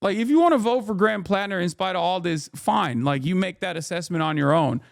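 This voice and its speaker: Man, fairly high voice, dry close sound, casual stream rant, incredulous, cursing. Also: animated, a little fast, gravelly, no room sound. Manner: incredulous, profane, swings into loud exasperated outbursts. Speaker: streamer reacting to news. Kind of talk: casual livestream commentary.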